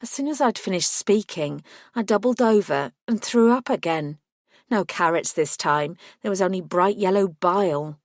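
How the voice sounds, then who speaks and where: Woman, audiobook narrator, lowish voice, wry, measured, first-person, close studio mic. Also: dry recording.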